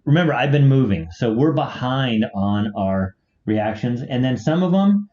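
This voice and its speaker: A man's voice: medium pitch, lively intonation, normal speed. A man co-hosting a music reaction channel, reading viewer comments in an easygoing, self-deprecating way with hesitant fillers. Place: home, remote from co-host. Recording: echoey, muffled lo-fi room sound.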